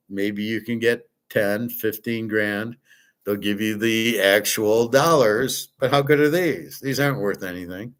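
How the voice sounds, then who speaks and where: A male host in a blunt, emphatic rant, swearing freely and rambling with restarts. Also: mid-range voice. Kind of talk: casual rant to camera.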